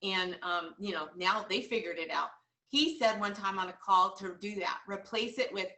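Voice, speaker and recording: A woman's voice: mid-range voice, normal speed, pushed and bright, far from the mic. A woman giving a motivational training talk to sales agents, earnest and repetitive, with many fillers. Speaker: team leader coaching sales agents.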